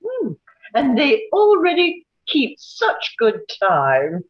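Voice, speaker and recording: A woman reading a shrewd older society hostess at a table read, measured and dry. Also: high voice, wildly swooping pitch, heavily acted. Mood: gracious. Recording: dull lo-fi sound.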